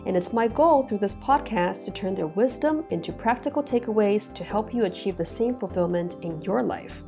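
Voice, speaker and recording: Hoarse, croaky woman podcast host. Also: medium pitch. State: hoarse from a cold. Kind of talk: podcast intro and interview.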